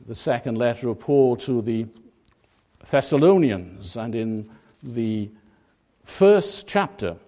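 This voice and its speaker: Slow, mellow-voiced male preacher. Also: mid-range voice, expressive. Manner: measured storytelling, emphatic on key words. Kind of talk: sermon.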